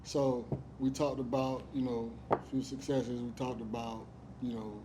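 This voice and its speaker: A woman hosting an interview, relaxed and encouraging, with short affirmations. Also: rumbling low, moderate pace. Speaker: interview host. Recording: noisy background hiss.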